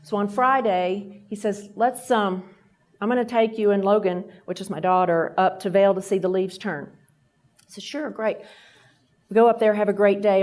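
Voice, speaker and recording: A mid-range, slightly mellow voice belongs to a middle-aged woman from Texas speaking with a Texan accent. She's the guest speaker giving a faith-based leadership talk over lunch, and she acts out the voices in the stories she tells.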